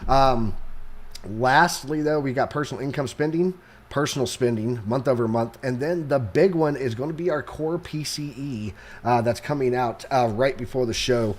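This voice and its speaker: A young man reading through the week's economic calendar on a live stream, his voice at an ordinary pitch. He is loose and chatty, drops in sarcastic jokes, and pads his sentences with ums and uhs. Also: normal speed. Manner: loose and joking, sarcastic asides, many fillers. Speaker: co-host covering the economic calendar. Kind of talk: casual live-stream market update.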